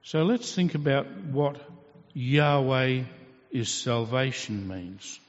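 Slow-speaking male preacher in a hall. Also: mid-range voice, animated. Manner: slow, teaching, rhetorical questions. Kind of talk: sermon. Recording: dull reverberant hall recording.

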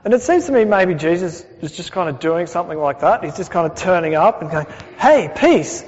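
Brief: young male pastor, high voice, chatty animated sermon, muffled hall sound. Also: quick pace. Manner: conversational, animated, many fillers and tag questions. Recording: dull sound in a hall with long reverb.

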